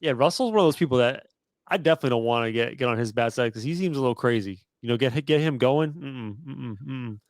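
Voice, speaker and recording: A man co-hosting a casual sports podcast, talking in a relaxed, rambling way with plenty of fillers. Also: medium pitch, fast, dry recording, clean studio sound. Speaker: podcast co-host.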